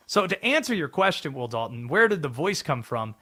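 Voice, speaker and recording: A man's voice: sits high, sing-song, a little fast, hardly any pauses, pushed and bright. A man from North Carolina hosting sports talk radio, chatty and wry as he explains the bit.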